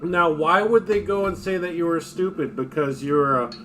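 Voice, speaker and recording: A man's voice: fairly high pitch, moderate pace, a bit bright, slight background noise. A man hosting a casual livestream, chatting in a rambling way with his viewers and his dogs. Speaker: livestream host.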